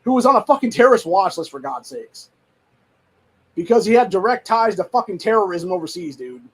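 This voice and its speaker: A man's voice: high voice, big pitch swings, a little fast, husky, rough recording. A man hosting a show, ranting in a heated, profane, rambling way and saying "dude" often. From United States. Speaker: show host. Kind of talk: casual political rant.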